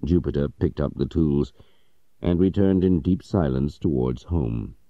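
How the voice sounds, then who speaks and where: A man narrating a story audiobook in a measured, even storytelling manner. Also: very deep voice, no echo, highs cut off.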